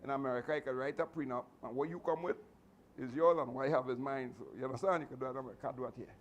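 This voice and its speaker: A man with a Trinidadian accent, telling animated, chatty stories to a martial arts class with laughing asides. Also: medium pitch, very fast. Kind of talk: storytelling speech to a class.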